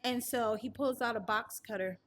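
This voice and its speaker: A woman's voice: on the high side, moderate pace, a little hiss or hum. A woman telling her survival story in an interview, narrating earnestly and acting out what others said. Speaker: guest sharing a survival testimony. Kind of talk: personal testimony interview.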